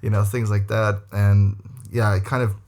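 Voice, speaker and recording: A man's voice: lowish voice, little pitch movement, moderate pace, a little mellow. A man from South Africa with a South African accent, a guest chatting casually, laughing often and swearing freely. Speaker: guest, English teacher. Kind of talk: casual conversation.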